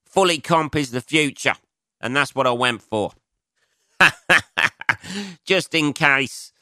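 A young adult man doing a casual solo podcast monologue as a comedian, swearing a lot, mocking himself and answering his own asides in a higher voice. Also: unhurried, bright, forceful tone, dry recording, studio quality.

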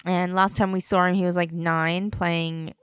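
A woman in casual chat about a show, playful with quick asides. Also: lowish voice, little pitch movement, clear, resonant tone, no room sound, clean studio sound.

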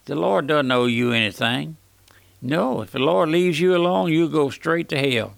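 Man, radio preacher, fiery, emphatic, high voice, smooth and dry. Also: normal speed, dry recording. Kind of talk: radio sermon.

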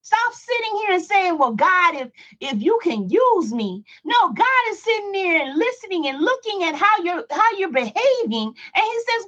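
A woman's voice: very high-pitched, very animated, moderate pace, hardly any pauses, a bit bright. A middle-aged woman preaching a Bible study, emphatic and repetitive, full of rhetorical questions. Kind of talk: preaching to listeners. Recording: dull lo-fi recording.

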